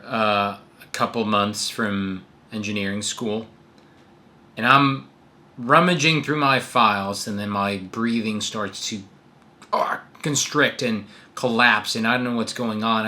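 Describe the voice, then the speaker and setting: Earnest young man with a bright voice. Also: lowish voice. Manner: earnest, animated retelling with acted quotes. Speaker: vlogger. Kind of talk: personal storytelling vlog. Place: New York City.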